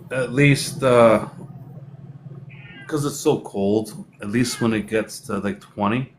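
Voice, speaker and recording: A man chatting as a livestream guest, hesitant and full of fillers, often trailing off softly. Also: mid-range voice, slow, slight background noise. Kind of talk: casual chat.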